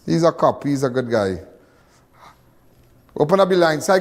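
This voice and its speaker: A man's voice: fairly high pitch, big pitch swings, moderate pace, in a large hall. A man with a Trinidadian accent hosting a live call-in crime show, emphatic and chatty, repeating phrases for effect.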